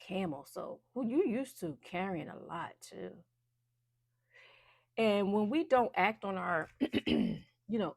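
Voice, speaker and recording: A woman's voice: medium pitch, gravelly, dry recording, studio quality. A woman giving a casual, chatty intuitive card reading, loose and full of fillers. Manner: chatty, loose, many fillers and restarts, laughs often.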